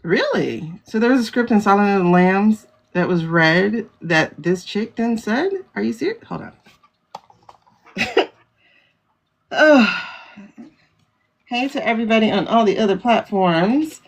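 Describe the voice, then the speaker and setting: A woman's voice: mid-range voice, animated, unhurried, vocal fry, pauses often. A woman hosting a casual livestream, talking in a chatty, rambling way with frequent laughter. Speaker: livestream host.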